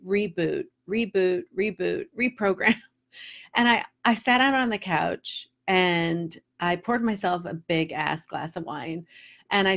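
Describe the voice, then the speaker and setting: Gravelly-voiced woman telling a story. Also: fairly low pitch. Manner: chatty and animated, laughing through the story. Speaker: host. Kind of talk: casual storytelling vlog.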